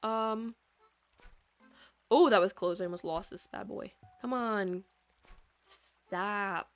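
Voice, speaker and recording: A woman's voice: medium pitch, slow. Chatty young Midwestern woman streamer. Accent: American Midwestern. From American Midwest. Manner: rambling, chatty, peppered with "like". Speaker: game streamer. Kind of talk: casual gameplay chat. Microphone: USB microphone. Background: soft lofi music.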